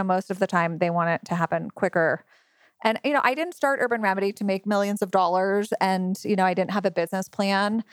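A woman's voice: lowish voice, smooth, no room sound, studio quality. A middle-aged woman who founded a company, telling her story in an interview in a chatty way, with many fillers and acted-out quotes. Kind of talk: interview conversation.

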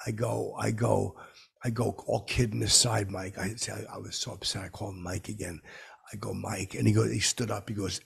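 A man's voice: on the low side, fairly even intonation, brisk, gravelly, husky. A man hosting a comedy podcast, telling a rambling, boastful story as a clueless character.

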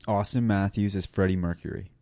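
A man's voice: lowish voice, steady tone, brisk, mellow, no room sound. A man co-hosting a podcast in casual chat, joking and playful as he hypes the segments. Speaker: podcast co-host.

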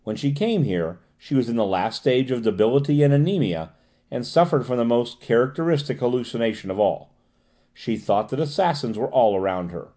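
A man reading the part of a self-assured asylum doctor in an audiobook, measured and formal. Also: medium pitch, mellow, natural voice.

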